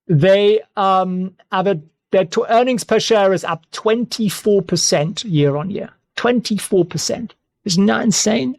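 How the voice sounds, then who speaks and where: A man hosting an investing channel, giving casual stock analysis with excitable, joking asides and frequent repeats. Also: high-pitched, dry recording.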